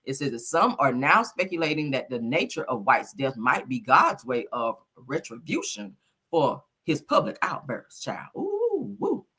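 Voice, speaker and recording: A man hosting a gossip commentary show, talking with dramatic exclamations and animated reactions. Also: on the high side, unhurried, breathy edge.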